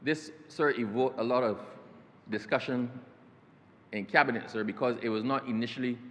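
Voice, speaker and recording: A man, a government minister, delivers a formal speech in parliament. His voice sits at an ordinary middle pitch, and he keeps turning to the chair with a respectful "sir." A long reverb from the debating chamber trails behind every phrase. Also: steady tone, normal speed, a bit bright, slight background noise.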